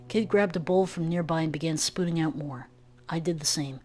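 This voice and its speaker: A woman's voice: deep voice, brisk, a little mellow, slight background noise. A woman streaming a text game, reading it aloud and chatting casually and playfully. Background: background game music.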